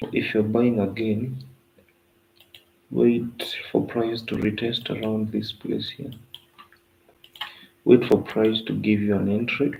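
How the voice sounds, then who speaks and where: A man's voice: on the low side, vocal fry, a little mellow, a little hiss or hum, rough recording. A young man with a tired voice, casually talking through forex charts on a live stream. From Kenya. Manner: loose, chatty, mixes in Swahili phrases. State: tired, voice going. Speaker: forex trading analyst.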